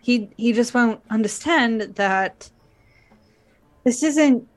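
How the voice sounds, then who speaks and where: A young woman with a Midwestern accent, role-playing her character in a tabletop game, halting and trailing off as she speaks. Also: a little high. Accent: Midwestern American.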